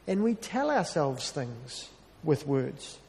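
A man's voice: a little high, very animated, takes it slowly, creaky, darkish tone, in a large hall. A man preaching a sermon in an earnest, conversational way, with wry self-deprecating asides.

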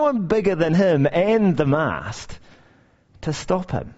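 A man preaching a sermon, telling stories with lively, emphatic repetition. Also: on the high side, measured pace. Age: young adult to middle-aged parent. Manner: animated storytelling with emphatic repetition. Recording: dull lo-fi recording.

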